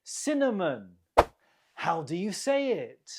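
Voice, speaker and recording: An English teacher hosting a quiz for learners, reading slowly and deliberately, repeating each word and explaining where the stress falls. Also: medium pitch, sing-song, very noisy.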